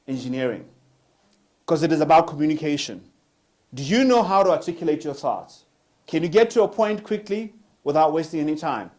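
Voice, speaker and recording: South african guy doing a live motivational talk, bit higher voice, punchy, asks the crowd lots of questions. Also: a little mellow. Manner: emphatic, rhetorical questions, humorous asides. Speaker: motivational speaker. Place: room with live audience.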